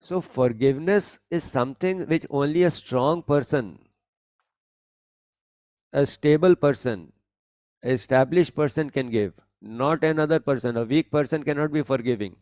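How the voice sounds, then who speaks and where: Man, spiritual teacher, scripture discourse, deliberate explanatory delivery, rephrases points, dry close sound, muffled lo-fi recording. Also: medium pitch, a little mellow, clear, resonant tone, dry recording.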